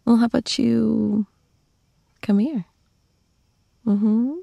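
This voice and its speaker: A young woman voicing a tough but tender girlfriend in an intimate audio role-play, speaking softly and often half-whispering to the listener. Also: on the high side, fairly even intonation, drawn-out words, gravelly, no room sound, clean studio sound, exaggerated voice. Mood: affectionate. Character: tough reformed bully girlfriend, fiercely protective, tender. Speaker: voice actor.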